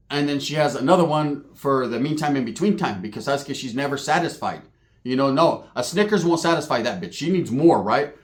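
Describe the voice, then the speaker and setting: Young male comic storyteller, lively and profane, slang-heavy, slightly high voice. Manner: profane, animated, full of slang. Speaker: comedian storyteller.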